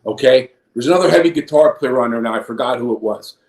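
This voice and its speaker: A man's voice: medium pitch, fast, darkish tone. A man in his fifties, a former wrestler, telling a long rambling story full of profanity. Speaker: guest, former pro wrestler. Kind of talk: casual storytelling. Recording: echoey room.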